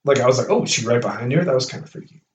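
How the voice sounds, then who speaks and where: A man co-hosting a casual horror film podcast, animated and acting out scenes as he retells them. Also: mid-range voice, distant mic, muffled recording. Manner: animated, acts out scenes in quick voices. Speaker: podcast co-host. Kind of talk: casual film review chat. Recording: echoey room, off-mic, faint hiss.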